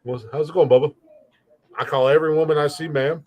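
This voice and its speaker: A man's voice: fairly high pitch, fairly even intonation, quick pace, highs cut off. Rambling, profane country-guy podcast host. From rural countryside. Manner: rambling, profane, folksy storytelling. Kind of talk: casual podcast chat.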